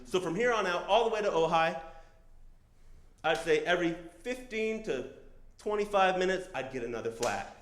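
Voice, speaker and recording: Animated, profane male storyteller on stage. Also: sits high, moderate pace, reverberant, a little hiss or hum. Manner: animated, casual, profane, acts out other people's lines. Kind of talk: live storytelling. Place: comedy stage before a live audience.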